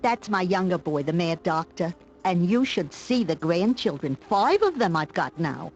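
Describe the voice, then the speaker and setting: A man's voice: sits high, sing-song, normal speed, muffled recording, faint music behind, voice pushed up. Man doing a nagging old gypsy grandma, mock Yiddish. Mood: kvetching. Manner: nagging, sarcastic, exaggerated old-lady voice. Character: old female gypsy fortune teller, kvetching grandmother. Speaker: streamer voicing game characters.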